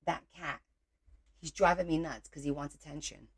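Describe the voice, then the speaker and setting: A woman's voice: low-pitched, steady tone, normal speed, breathy edge. A middle-aged woman hosting a casual crafting livestream, chatting and teasing viewers as she works and greeting them by name.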